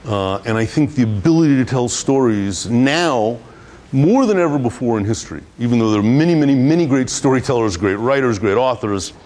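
A man giving a guest lecture on public relations to students, telling an animated anecdote in a classroom and often repeating and restarting his words. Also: medium pitch, a little fast.

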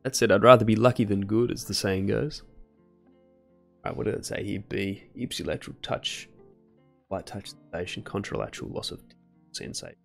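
A man's voice: lowish voice, fairly quick, gravelly, long pauses, soft background music. A young man chatting casually with his live-stream chat while he studies medicine. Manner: casual, chatty, laid-back slang.

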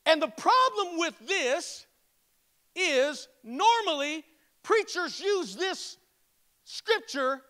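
A pastor preaching a sermon, calling on the congregation to repeat after him and slowing to stress each word of scripture. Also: male voice, very high voice, expressive, sharp tone. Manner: emphatic call-and-response preaching.

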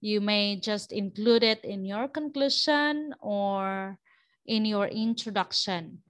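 A woman's voice: medium pitch, slow pace. A woman teacher giving a classroom lecture, explaining step by step with frequent restarts and checks of "okay".

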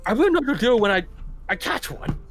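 A man doing a quick impression of a chaotic, unhinged male villain, talking high through stretched cheeks. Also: sing-song, background noise. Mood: manic.

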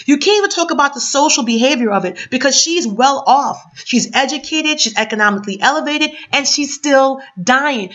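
An impassioned woman vlogger from New York City reads a news piece aloud and keeps breaking off to argue with it, firing rhetorical questions. Her voice sits a little high. The sound is dull and lo-fi, like a cheap webcam mic. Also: expressive, normal speed, few pauses, a bit bright. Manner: impassioned, emphatic, repeats rhetorical questions, swings between reading and outburst. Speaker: commentary vlogger. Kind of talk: reading an article aloud and ranting about it.

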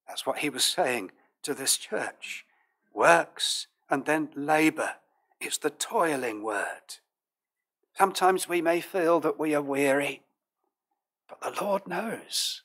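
A man preaching a sermon as pastor, in a measured, earnest manner with old King James phrasing. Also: on the high side, fairly bright tone.

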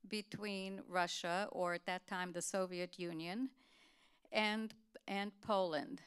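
A woman giving a talk, telling a family story to an audience in an earnest, steady way. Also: mid-range voice, clean tone. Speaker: guest speaker.

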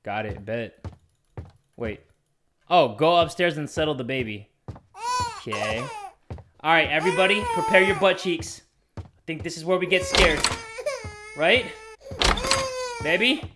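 A young man playing a horror game and commenting as he goes, casual and slangy, reading the prompts aloud and yelping and shouting whenever something startles him. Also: a little high, normal speed, long pauses, very noisy. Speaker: gaming YouTuber. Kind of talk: let's play commentary.

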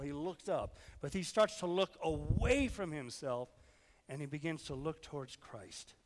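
Hoarse man preaching in an echoing hall. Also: fairly high pitch. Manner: conversational preaching, questions to the congregation, swings from loud to hushed. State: hoarse, fighting sickness. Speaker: pastor. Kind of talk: sermon.

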